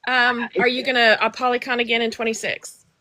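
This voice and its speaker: A woman's voice: a little high, little pitch movement, crowd noise, low-quality recording. A woman hosting a casual live book chat, enthusiastic and chatty. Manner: enthusiastic, chatty, quick to laugh. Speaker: host.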